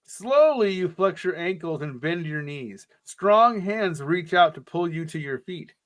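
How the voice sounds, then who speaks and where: Jokey podcast host reading aloud. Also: male voice, fairly high pitch. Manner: jokey, animated, quick asides. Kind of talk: casual chat and reading a gamebook aloud.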